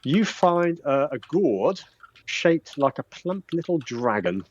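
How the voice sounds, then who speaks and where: A man's voice: fairly high pitch, big pitch swings, slow, a little mellow, a little hiss or hum. A man narrating as dungeon master for a tabletop game, chatty and laughing, with many fillers and restarts. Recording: dull lo-fi sound.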